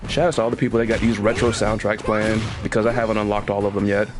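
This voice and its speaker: A man streaming a fighting game, chatting to his viewers, laughing hard and teasing opponents with high, drawn-out catchphrases. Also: level tone. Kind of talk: casual gameplay commentary. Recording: game music behind. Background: fighting game music.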